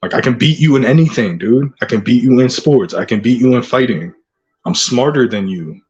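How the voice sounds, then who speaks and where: A man's voice: mid-range voice, expressive, normal speed, a little mellow, muffled recording. A man hosting his own channel, delivering an aggressive, profane rant full of taunting insults. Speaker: channel host. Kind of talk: ranting vlog monologue.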